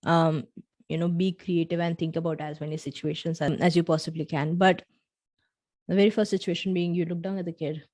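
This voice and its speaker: A woman's voice: fairly low pitch, level tone, a little fast, a little mellow. Earnest woman talking to podcast listeners. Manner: earnest, talks straight to the listener, acts out little dialogues. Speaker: podcast host. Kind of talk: solo podcast storytelling.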